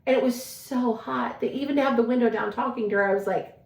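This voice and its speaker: A woman co-hosting a casual chat show, telling a long story in an animated, chatty way and often quoting herself. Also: on the high side, brisk, creaky. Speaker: podcast co-host. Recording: roomy echo.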